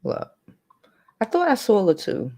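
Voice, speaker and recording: Hoarse, gravelly-voiced woman chatting live. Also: mid-range voice, wildly swooping pitch, unhurried, warm tone. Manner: playful, chatty, trailing off and restarting. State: hoarse, losing her voice. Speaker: livestream host. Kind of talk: casual livestream chat.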